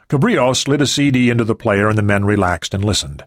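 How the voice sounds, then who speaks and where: Male narrator, low pitch, husky tone, dry close sound, steady audiobook reading. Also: fast, dry recording. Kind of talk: scripted narration.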